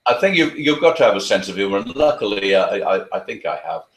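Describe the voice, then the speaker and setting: A man's voice: lowish voice, animated, fast, fairly bright tone. A man, a dog trainer answering interview questions in a chatty, anecdotal way with a playful, sarcastic streak. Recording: roomy echo.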